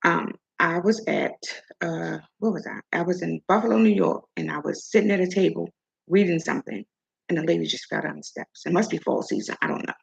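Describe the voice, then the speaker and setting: Sassy older woman with a gravelly, husky voice. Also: fairly low pitch, brisk. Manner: sassy, talks straight at her subject. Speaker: host. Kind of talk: opinion commentary vlog. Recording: dull lo-fi recording.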